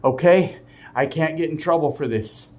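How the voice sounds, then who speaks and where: A man's voice: on the high side, normal speed, a little mellow, natural voice. A man voicing a panicky young male bus passenger who nervously pleads and repeats himself. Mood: pleading, frantic.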